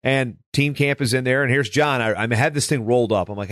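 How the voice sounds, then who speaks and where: A man's voice: medium pitch, animated, fast talker, a bit bright, no room sound, studio quality. A man hosting a conversational interview, telling rambling stories in a chatty way. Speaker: podcast host.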